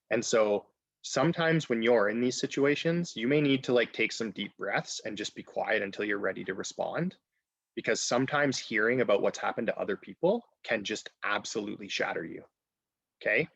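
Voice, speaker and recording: A man's voice: on the low side, vocal fry, fairly bright tone, breathy edge, no echo. A man presenting a training webinar, earnest and direct, often checking in with "okay?". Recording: dull lo-fi webinar audio.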